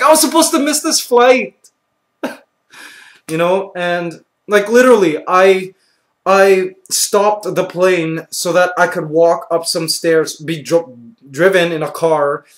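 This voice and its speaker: Young man, vlogger, animated storytelling, slightly high voice, sudden loud outbursts. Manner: excitable, acts out his own reactions with sudden loud outbursts; peppers speech with "like" and "you know".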